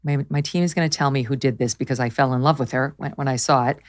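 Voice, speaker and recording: A woman's voice: very deep voice, steady tone, fast talker. A woman hosting a talk show, chatting in a mocking, incredulous way and laughing often. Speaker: show host. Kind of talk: casual commentary chat.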